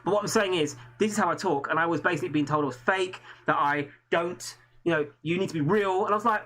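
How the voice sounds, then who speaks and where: In this poor-quality recording of a casual live-stream chat, the English host talks earnestly and rambles, frequently restarting his sentences. He's high-pitched and sharp-toned, speaking quickly with few pauses.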